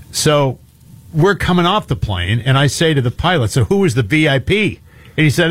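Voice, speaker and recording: A man co-hosting talk radio, telling a story in an animated way. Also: on the high side, normal speed. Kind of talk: casual chat.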